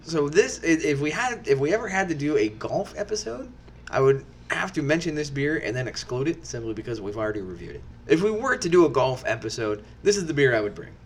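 A man co-hosts a casual beer review and talks emphatically, teasing his friends. His fairly high voice swings widely in pitch, over a faint background hum. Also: very animated, fairly quick. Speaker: podcast co-host. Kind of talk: casual chat.

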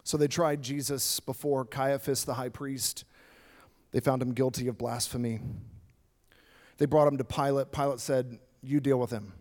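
A man preaching a sermon in church, telling a story in an animated, dramatic way. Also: mid-range voice, normal speed, long pauses. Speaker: pastor. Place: church stage with a band.

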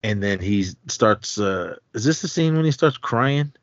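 Rambling low-voiced man recapping a film. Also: expressive, no room sound, highs cut off. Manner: rambling, halting retelling with many fillers. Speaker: podcast co-host.

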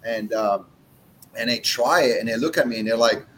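A man's voice: mid-range voice, normal speed, a bit bright, slight background noise, low-quality recording. Brash, profane cigar-business man. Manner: blunt, profane, brash storytelling. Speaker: cigar brand owner. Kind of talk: casual interview chat.

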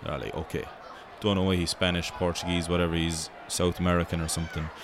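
A man's voice: deep voice, flat delivery, quick pace, a faint crowd, a little hiss or hum. An Irish man hosting a show, giving joking, profane mock sports commentary in rambling banter. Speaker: host.

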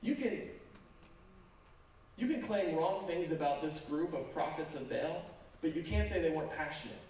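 A pastor preaching a sermon in an animated, joking manner with sarcastic asides. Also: male voice, fairly high pitch, normal speed, slight background noise. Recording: echoey sanctuary, from a distance.

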